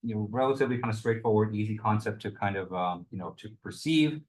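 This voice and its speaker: A man's voice: fairly low pitch, fast, a little hiss or hum. A young adult man giving a university lecture as the instructor, explaining loosely with lots of hedges and fillers. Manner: loose and hedging, full of "you know" and "kind of".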